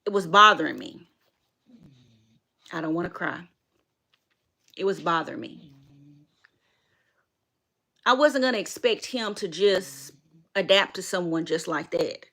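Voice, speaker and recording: A woman's voice: lowish voice, expressive, a little slow, vocal fry, pauses often, sharp tone. A middle-aged woman, emotionally retelling a story to her viewers in a repetitive, emphatic way. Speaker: dog owner vlogger.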